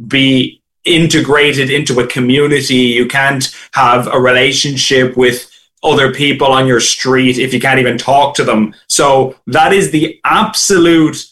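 A man's voice: medium pitch, sharp tone. A young man, a guest in a political interview, arguing his point earnestly and with emphasis. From Ireland.

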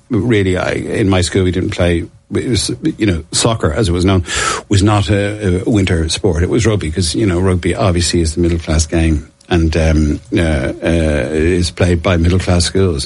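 A middle-aged man tells rambling, self-deprecating stories as a guest on an interview, often breaking into laughter. His voice sits fairly low and has a husky texture. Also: normal speed, few pauses, darkish tone. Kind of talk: casual anecdotal interview.

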